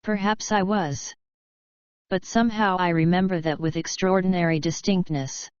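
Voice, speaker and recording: A woman's voice: fairly low pitch, fairly even intonation, normal speed, no room sound, muffled recording, close to an everyday voice. A woman reading the lines of a moody young male prince in an audiobook, careless and brooding in manner. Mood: probing. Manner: careless, cross, fearful.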